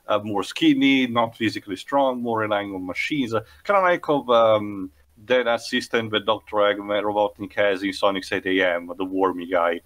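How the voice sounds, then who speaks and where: A man's voice: lowish voice, fairly bright tone. A young man co-hosting a casual movie commentary, rambling and restarting phrases and laughing often. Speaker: podcast co-host.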